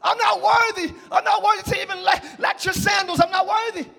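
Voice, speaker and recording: A man's voice: extremely high pitch, steady tone, a little fast, creaky, pushed and bright, raised voice, in a large hall, pitched above the performer's own voice, full character voice. A man voicing an awestruck, overwhelmed John the Baptist who stammers and exclaims. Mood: overwhelmed awe.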